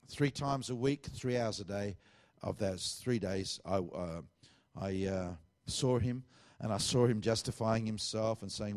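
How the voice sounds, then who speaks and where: Middle-aged pastor, lowish voice, chatty sermon storytelling. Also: male voice. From Australia. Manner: conversational, animated storytelling with quoted dialogue.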